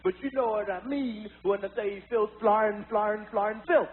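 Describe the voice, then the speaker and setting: A man doing an impression of a fussy, preachy older male comedian who lectures slowly. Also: high voice, voice pushed down. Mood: prim scolding. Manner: slow, drawn-out, scolding lecture. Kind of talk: stand-up impression. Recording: tinny lo-fi film audio with faint hiss.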